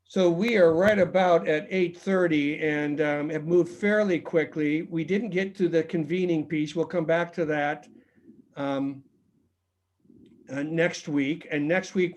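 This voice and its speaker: A man's voice: on the high side, darkish tone. A middle-aged man teaching a seminar on conflict in a conversational way, acting out short sample dialogues. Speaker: seminar presenter, mediator.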